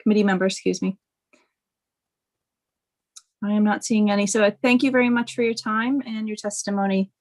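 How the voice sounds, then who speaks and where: A woman's voice: medium pitch, steady tone, a little mellow. Polite woman chairing a hearing. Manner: polite, slightly halting. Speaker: committee chair.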